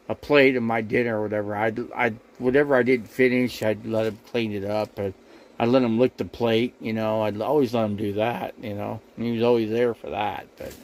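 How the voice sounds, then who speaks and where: A man livestreaming from his RV about RV living talks casually and directly to his chat, rambling, repeating himself and getting defensive. His voice is lowish and the audio quality is poor.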